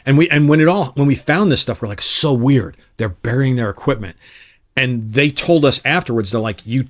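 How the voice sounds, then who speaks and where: Animated man telling war stories. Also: medium pitch, brisk. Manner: animated storyteller who acts out quoted dialogue. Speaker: retired Army Special Forces officer, guest. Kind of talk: casual storytelling interview.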